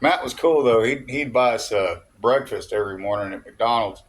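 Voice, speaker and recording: A man's voice: mid-range voice, normal speed, a little hiss or hum. Chuckling man rambling through a story. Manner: chuckling, loose and digressive, peppered with "okay?" and "uh".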